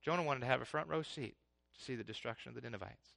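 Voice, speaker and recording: A man preaching a sermon in an animated way, swinging between loud passages and hushed ones. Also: mid-range voice, fast talker, gravelly.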